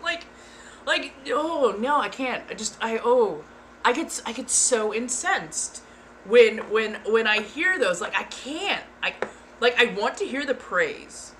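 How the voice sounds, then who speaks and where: Giggly, animated woman chatting. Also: a little high, a little slow, a little hiss or hum. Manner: frank, giggly, animated storytelling with playful put-on voices. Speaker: ASMR streamer. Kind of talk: casual chat.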